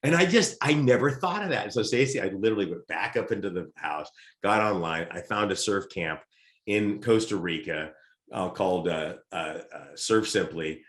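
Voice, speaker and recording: Low-voiced man telling stories in a roomy space. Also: normal speed. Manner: lively anecdotal storyteller. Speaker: podcast guest. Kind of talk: casual storytelling. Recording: roomy echo.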